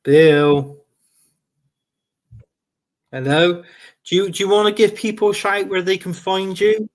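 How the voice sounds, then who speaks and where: A man's voice: high-pitched, fairly even intonation, slow. A man hosting a football live stream, reading out viewer comments in a chatty way with frequent laughs. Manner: chatty, laughs often, repeats phrases. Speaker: host of football show.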